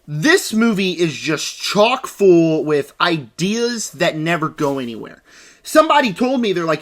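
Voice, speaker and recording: A man's voice: a little high, sing-song, a little slow, a bit bright. Emphatic ranting man reviewing movies. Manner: emphatic, ranting, repeats words for stress. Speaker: film reviewer. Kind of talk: casual video review. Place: home desk.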